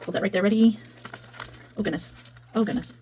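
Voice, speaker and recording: A woman's voice: mid-range voice, fairly quick, warm tone, slight background noise, poor audio. A woman, chatting casually as a craft video host while flipping through her work and often correcting herself. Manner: chatty, meandering, self-correcting. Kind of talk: casual flip-through chat.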